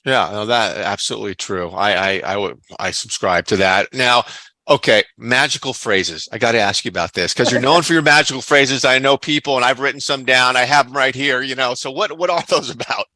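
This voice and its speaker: A middle-aged man hosts a podcast in a casual, chatty way, often cheering his guest on. His voice is bright and forceful at a mid pitch. The sound is dry and close to the mic. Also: a little fast, dry recording. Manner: casual, affirming interjections. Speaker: podcast host. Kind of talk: podcast interview.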